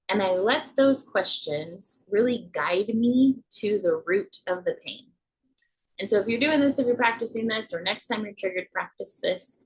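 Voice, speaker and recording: A woman in her thirties speaks in a soft, breathy voice, coaching her listeners with gentle explanations. She pauses often to check in with them. Her pitch sits in the middle for a woman. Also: lively intonation, poor audio. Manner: gentle, coaching, many "okay?" check-ins. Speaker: inner healing coach. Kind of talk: teaching talk to camera.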